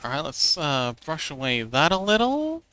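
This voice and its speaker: A man's voice: fairly high pitch, huge pitch swings, normal speed, pushed and bright, clean tone, soft background music. A man livestreaming as an artist, chatting casually while he draws, rambling and self-deprecating, laughing often and muttering to himself as he works.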